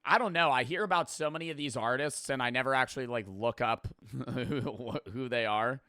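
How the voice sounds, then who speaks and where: A man's voice: mid-range voice, fairly even intonation, moderate pace, pushed and bright, smooth, no room sound, studio quality. A man hosting a video reaction, rambling casually, swearing freely and laughing at himself. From United States.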